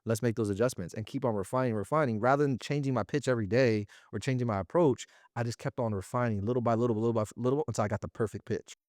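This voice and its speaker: A man talking as an interview guest about running a sales business, in slangy, animated casual speech. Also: medium pitch, rapid-fire, hardly any pauses, dry recording, studio quality. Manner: slangy and animated, often acting out little quoted exchanges.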